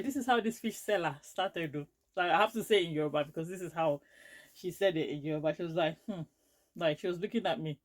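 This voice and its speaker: A woman from Edo State with a Nigerian accent, telling a storytime vlog in a lively, expressive way. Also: medium pitch. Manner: lively, expressive, rising to anger as she tells it. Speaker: vlogger.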